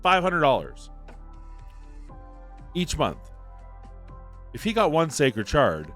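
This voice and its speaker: A man's voice: medium pitch, very animated, measured pace, pauses often, a bit bright, soft background music. Emphatic man ranting about a game. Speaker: mobile game content creator. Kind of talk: opinionated gaming commentary.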